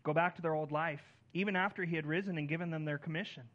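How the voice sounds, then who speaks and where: High, bright-voiced preaching man. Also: steady tone, fast, few pauses, dull audio. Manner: earnest preaching, rises on key lines and drops soft on others. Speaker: pastor. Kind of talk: sermon.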